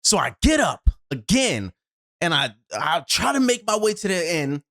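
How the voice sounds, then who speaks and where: Telling a personal story at a moderate pace, the video host gets expressive, reenacting their reactions and shifting between loud outbursts and quiet asides. The audio was captured on a shotgun mic in a home studio.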